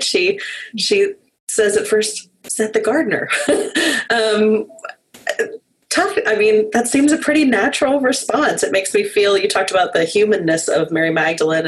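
A woman co-hosting a faith podcast, relaxed as she reflects on a scene and hands the discussion to the others. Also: medium pitch, poor audio. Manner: relaxed, guiding the discussion with questions. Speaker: podcast co-host.

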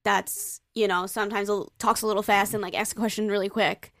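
A young woman co-hosting a casual podcast, talking quickly and frankly as she defends herself. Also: medium pitch, little pitch movement, fairly bright tone, no echo, clean studio sound.

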